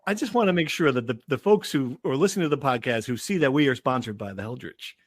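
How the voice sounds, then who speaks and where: A man's voice: medium pitch, lively intonation, quick pace, dry recording. A man hosts a casual sports podcast in a mid-range voice. His talk is joking and teasing, poking fun at his co-hosts. The recording is dry and close, with no room sound. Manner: joking, teasing, self-described hotel snob. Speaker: podcast host.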